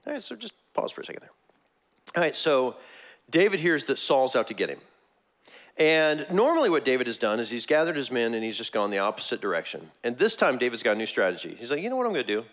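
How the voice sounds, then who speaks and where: Animated male pastor with a lively voice. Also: mid-range voice. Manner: animated storytelling, laughs often, acts out quotes. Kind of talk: sermon.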